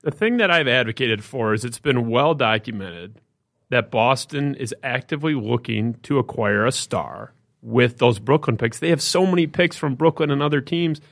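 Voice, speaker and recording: A man co-hosting a sports podcast, telling a story in casual, animated talk that gets more indignant as it goes. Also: moderate pace, gravelly. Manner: animated storytelling, rising pitch when indignant. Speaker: podcast co-host.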